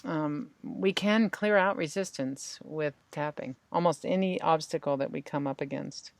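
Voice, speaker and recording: A woman hosting a podcast as a tapping practitioner, calmly guiding her guest through tapping points and phrases to repeat. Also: sits low, normal speed, vocal fry.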